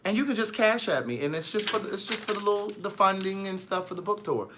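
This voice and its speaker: A man chatting on a live stream, sassy and animated, reading viewer comments aloud and joking with them. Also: high-pitched, fast talker, noisy background. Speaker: vlogger.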